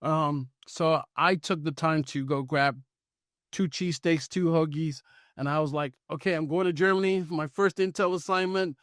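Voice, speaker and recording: A man's voice: fairly high pitch, normal speed, no room sound, studio quality. A middle-aged man casually telling a personal story on a podcast, acting out the lines of the people in it. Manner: animated storytelling, acting out quoted dialogue. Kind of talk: casual anecdote.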